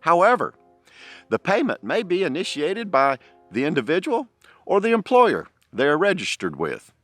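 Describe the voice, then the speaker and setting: A man talks in a casual, coaxing way, often dropping to a hush. His voice is a little high and swings widely in pitch. Faint music plays beneath him. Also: huge pitch swings, moderate pace, no echo. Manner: hushed, coaxing, folksy. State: a bit out of breath. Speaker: vlogger. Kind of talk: casual outdoor vlog and how-to talk. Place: outdoors in woods.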